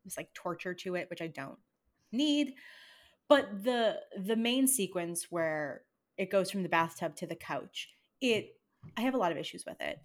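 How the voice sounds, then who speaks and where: A woman co-hosting a film podcast, talking through her views in a measured, agreeable way. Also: lowish voice, animated. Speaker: podcast co-host. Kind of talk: casual film review chat.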